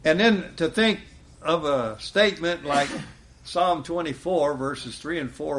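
A man's voice: a little high, a little slow, a bit bright. A man preaching a sermon in a folksy way, chuckling often and quoting scripture with rising emphasis.

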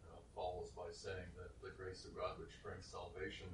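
Deep man speaking from across the room. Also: little pitch movement, moderate pace. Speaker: congregation member. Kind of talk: reading scripture aloud in a study group. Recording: distant, roomy, noisy.

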